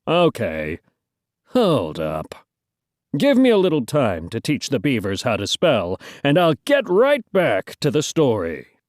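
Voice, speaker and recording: A woman's voice: rumbling low, wildly swooping pitch, measured pace, a little mellow, no echo, clean studio sound. A woman reading a children's storybook aloud, playful, with joking asides to listeners.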